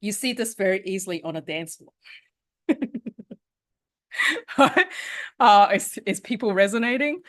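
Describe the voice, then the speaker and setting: A woman's voice: mid-range voice, unhurried, long pauses. A woman coach teaching an interactive online workshop, talking casually, often checking in with "right?" and laughing, heard over a video call. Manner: animated, conversational, often asks "right?" and laughs. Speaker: sales and communication coach.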